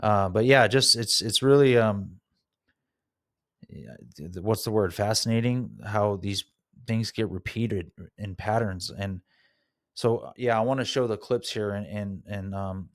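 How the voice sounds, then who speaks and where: Low-pitched male podcast host, candid and reflective, unscripted solo monologue. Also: a little slow. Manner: candid and soul-searching, with occasional laughs.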